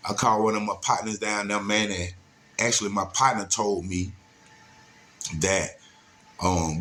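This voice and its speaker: A man's voice: lowish voice, a bit bright, slight background noise. A man casually telling a story, laid-back and slangy, with many asides.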